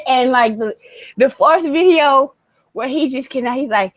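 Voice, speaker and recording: Lively young woman, dry lo-fi podcast sound. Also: sits high, normal speed, dry recording. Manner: animated, laughs often, swears. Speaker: podcast co-host. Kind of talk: casual chat.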